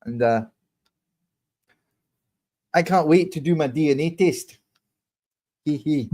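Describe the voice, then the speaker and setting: A man's voice: a little high, slow, warm tone. Boastful swearing man with put-on Scottish accent. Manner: boastful, swearing, self-assured. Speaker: YouTuber. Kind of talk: rambling casual monologue.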